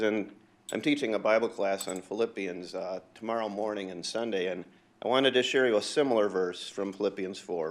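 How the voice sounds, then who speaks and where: A man in his forties with a lowish voice gives an invocation to a county board meeting. He tells a personal story at an easy pace and fills his pauses with "uh" as he goes. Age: 40s. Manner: unhurried storytelling with frequent "uh" pauses. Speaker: clergyman giving an invocation.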